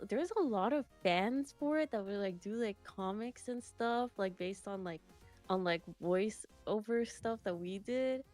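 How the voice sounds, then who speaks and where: A young woman chatting as an interview guest, rambling with lots of fillers and restarts. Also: mid-range voice. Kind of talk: casual chat.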